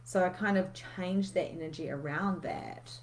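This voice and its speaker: A woman's voice: on the low side, moderate pace, a little mellow, slight background noise. A woman, coaching in a casual, candid live session where she swears freely and reads out viewer comments.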